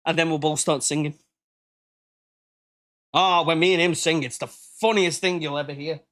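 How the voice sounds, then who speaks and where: A man from the United Kingdom hosting a casual live podcast, joking and laughing, now and then breaking into silly high-pitched quoted voices. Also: steady tone, normal speed, a bit bright. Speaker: podcast host.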